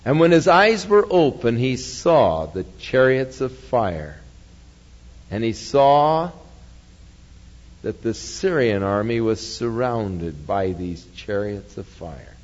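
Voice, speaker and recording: A man's voice: medium pitch, sing-song, slow pace. A male pastor preaching a sermon, retelling a scripture story and explaining it earnestly. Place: church. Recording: dull lo-fi, long church reverb.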